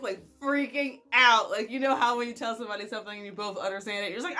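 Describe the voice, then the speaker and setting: Animated young woman telling a spooky story. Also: medium pitch, brisk. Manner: animated, laughing, lots of fillers. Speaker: vlogger. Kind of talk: casual storytelling.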